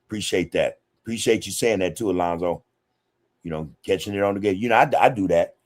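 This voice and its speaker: Deep-voiced man hosting a casual livestream. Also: fairly quick. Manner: loose, slangy, addresses viewers directly with frequent "man" and "you know". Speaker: podcast host. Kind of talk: casual livestream chat, reading viewer comments.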